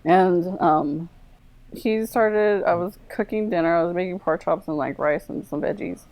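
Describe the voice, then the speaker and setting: Low, gravelly-voiced woman telling her story. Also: moderate pace, darkish tone, rough recording. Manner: candid, run-on retelling full of "like" and quoted dialogue. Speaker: guest, Air Force medic veteran. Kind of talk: personal storytelling interview.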